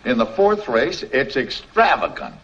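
A man voicing a shrewd, dry-witted talking mule with a slow drawl, in a 1950s film comedy. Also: medium pitch, very animated, fairly bright tone, slightly rough, exaggerated voice. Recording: dull 1950s film soundtrack.

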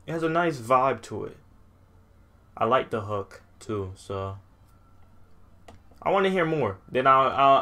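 Chatty young man reacting to music. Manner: chatty and excitable, repeats himself, drops deep for a mocking impression. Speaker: reaction video host. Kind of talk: casual reaction commentary.

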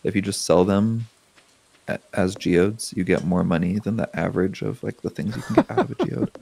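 A man's voice: low voice, lively intonation, a little fast, creaky, a little mellow, slightly rough, no room sound. A man co-hosting a gaming show, laid-back, with dry humor, chatting as he plays. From Oregon, USA. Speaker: co-host and gamer. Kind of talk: casual chat while playing.

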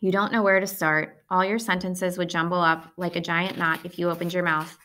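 A woman narrating a novel in the first person, with steady, plain storytelling. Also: on the low side, fairly quick, slight background noise. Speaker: audiobook reader.

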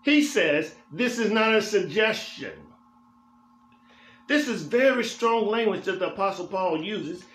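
A man's voice: high-pitched, animated, unhurried, fairly bright tone. A male pastor teaching a Bible study in a church, speaking emphatically and repeating phrases for weight in a preaching cadence. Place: church sanctuary. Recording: roomy church echo.

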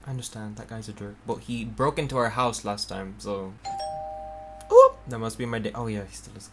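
A man's voice: mid-range voice, a little fast, fairly bright tone, slight background noise. A man playing a story game, reading the characters' lines aloud in a playful, dramatic way and adding his own comments. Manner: playful, dramatic, swings between character voices and asides. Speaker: gaming YouTuber.

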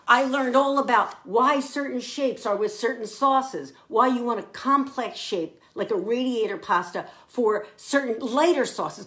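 A woman author chatting enthusiastically to camera about the food in her novel and showing cookbooks as she talks. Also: a little high.

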